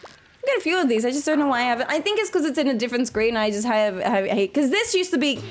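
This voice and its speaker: A woman's voice: high voice, expressive, quick pace, slight background noise. A woman streamer chatting casually with her viewers, playful and jokey, giggling at her own jokes. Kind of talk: casual live-stream chat.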